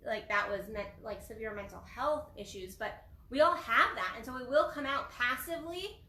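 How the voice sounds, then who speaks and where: Bright high-voiced woman coach. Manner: chatty, quick asides and acted-out quotes. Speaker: guest coach. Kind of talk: casual conversational talk. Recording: echoey room.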